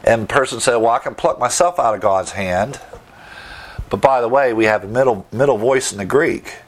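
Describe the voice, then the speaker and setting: A man's voice: mid-range voice, normal speed. A man preaching a sermon, teaching verse by verse with emphatic asides and rhetorical questions. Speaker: pastor.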